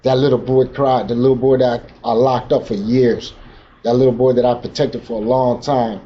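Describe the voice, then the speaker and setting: A man's voice: medium pitch, flat delivery, moderate pace. A man telling his own recovery story at a meeting, in raw, emotional street talk full of slang. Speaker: recovery speaker. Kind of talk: personal testimony at a recovery meeting. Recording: dull lo-fi recording with faint noise.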